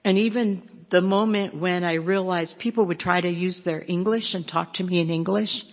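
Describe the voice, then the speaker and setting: A woman's voice: fairly low pitch, steady tone, normal speed. A woman giving a chatty, self-mocking storytelling talk as a missionary speaker, laughing often. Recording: dull lo-fi with long hall echo.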